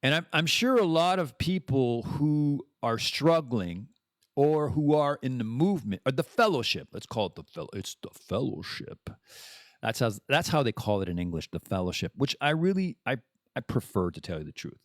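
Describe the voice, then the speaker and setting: A man's voice: medium pitch, big pitch swings, moderate pace, no echo, clean studio sound. A man hosting a podcast, talking in a rambling, casual monologue full of restarts and the odd swear word. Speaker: podcast host.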